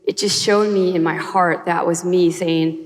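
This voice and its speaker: A woman's voice: on the low side, fairly even intonation, a little slow, long reverb tail. A woman sharing her personal testimony as a guest, telling an earnest story and acting out quoted voices.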